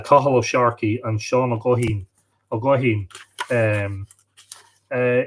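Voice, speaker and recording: Male host, slightly raspy, reads from books and wanders into asides. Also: mid-range voice. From Ireland. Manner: reads passages aloud, breaks off for asides and rummaging for books. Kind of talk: live-stream talk, reading aloud from books.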